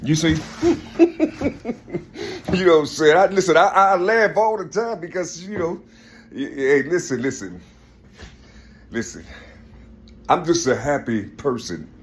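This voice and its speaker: Rambling, laughing man, lively pitch. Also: unhurried, pauses often, a little hiss or hum. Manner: rambling, laughs often, repeats "listen" and "you see"; addresses an unseen listener as if arguing. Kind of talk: casual spoken monologue.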